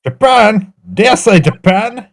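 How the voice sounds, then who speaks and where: A man voicing a gruff, suspicious male prison guard during a live game reading, brusque and hostile. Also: on the high side, animated, normal speed, a little mellow. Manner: brusque, hostile, calls people laddie.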